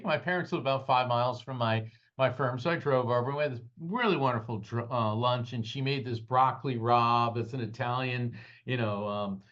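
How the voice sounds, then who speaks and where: A man recounts a personal story with growing animation, his voice climbing at the dramatic moments. His pitch sits in the middle range. The audio is dull and lo-fi. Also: normal speed, hardly any pauses. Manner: animated, dramatic retelling with rising pitch at peaks. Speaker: guest, psychic medium and lawyer. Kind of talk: storytelling in a podcast interview.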